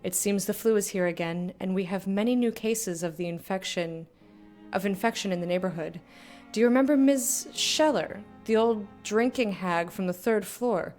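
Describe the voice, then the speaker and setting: A woman's voice: mid-range voice, normal speed, a little mellow, close to an everyday voice. Blunt gossipy young British working woman, a gamer doing a clumsy accent, chatty letter, faint music behind. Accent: put-on British. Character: young working-class English woman writing her sister.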